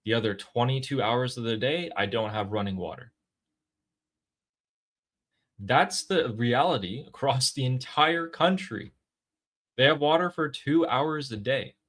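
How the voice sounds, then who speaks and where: A man hosts a political commentary show, talking to his viewers in a loose, conversational way. His pitch sits in the middle range, and he mocks his opponents as he goes. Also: measured pace, long pauses, fairly bright tone. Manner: mocking, conversational. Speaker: host.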